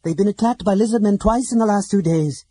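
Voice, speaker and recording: A young elf woman with a husky, strained edge, her voice rising high and loud, as a male audiobook reader acts her out. She sounds tense and emphatic in a storybook reading. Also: sing-song, moderate pace, no room sound, heavily acted. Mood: urgent. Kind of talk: audiobook character voice.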